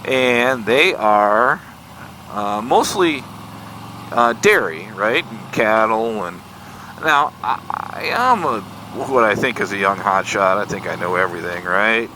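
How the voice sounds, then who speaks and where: A man's voice: fairly low pitch, slow. Folksy older man telling a story on a motorbike. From Michigan, USA. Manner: folksy, self-deprecating, animated retelling of dialogue. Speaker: motorcycle vlogger. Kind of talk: casual storytelling while riding. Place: outdoors on a motorcycle on country roads. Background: faint road and vehicle noise.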